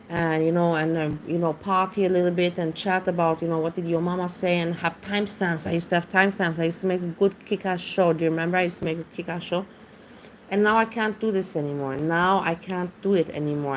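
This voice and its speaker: Lowish woman rambling on her stream, chatty, bit of noise in the background. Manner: rambling, chatty, greets chat by name. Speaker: livestream host. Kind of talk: casual livestream chat. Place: home.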